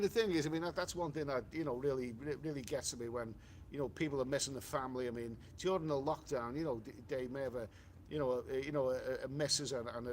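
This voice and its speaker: A man's voice: mid-range voice, a little hiss or hum. Rambling Liverpool man on a live stream. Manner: rambling, frequent restarts and "you know" fillers. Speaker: travel vlogger hosting a live stream. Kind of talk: casual live-stream chat, reading comments aloud.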